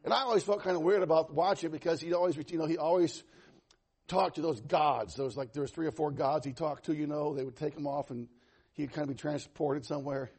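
A pastor delivering a sermon in a high, husky man's voice. He is animated and conversational, swinging from loud, raised passages to quiet ones and slipping in self-deprecating humor. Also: fairly quick.

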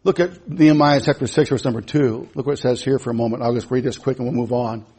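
A middle-aged male pastor preaching a sermon in church, stammering and repeating words, with sudden swings between loud, excited passages and quiet asides. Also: medium pitch, fast talker, slightly rough.

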